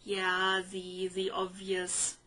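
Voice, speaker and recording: A woman hosts an interview at an unhurried pace. Her voice is bright and forward. She speaks in a measured way, stopping often to find the right word. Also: medium pitch, monotone, low-quality recording. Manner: measured, pausing to search for words. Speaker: host. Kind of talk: conversational interview.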